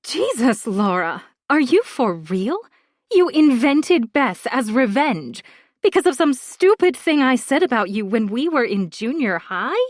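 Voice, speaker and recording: A woman's voice: high-pitched, very animated, a little slow, no room sound, studio quality, full character voice. A woman reading an earnest, defensive grown woman. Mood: exasperated. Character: grown woman confronting an old school friend, defensive.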